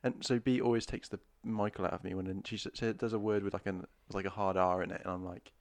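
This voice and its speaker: A man's voice: on the low side, steady tone, fast, a little hiss or hum. A man co-hosting a casual podcast chat, jokey and playful as he tries out silly accents. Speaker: podcast co-host.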